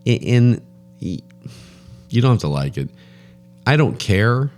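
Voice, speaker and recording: A man's voice: mid-range voice, sing-song, a little slow, a little mellow, faint music behind. A man co-hosting a podcast, talking in a joking, rambling way and often repeating his words. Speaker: podcast co-host. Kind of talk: casual chat.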